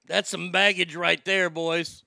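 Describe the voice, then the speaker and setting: A man's voice: high voice, level tone, a little slow, gravelly, bright, forceful tone, dry recording, clean studio sound. A man ranting casually about weekend football scores, brash and sarcastic, swearing freely. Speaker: sports talk host. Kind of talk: casual sports rant.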